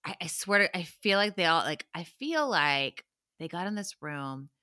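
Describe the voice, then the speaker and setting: A woman co-hosting a podcast, recapping reality TV in animated casual chat and quoting the cast. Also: lowish voice, normal speed. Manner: animated, swearing, recounts scenes in quoted voices. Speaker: podcast co-host.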